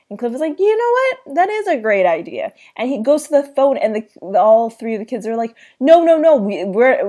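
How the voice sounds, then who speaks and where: A woman's voice: medium pitch, darkish tone. A woman hosting a podcast, recapping a sitcom episode in a chatty way with many fillers and laughs. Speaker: podcast host.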